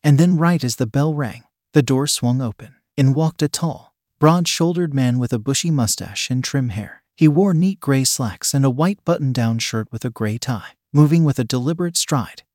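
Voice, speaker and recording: A man narrating a story in a steady, even reading voice. His pitch sits in the middle range, and the recording is close and dry with no room sound. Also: moderate pace, few pauses, no room sound.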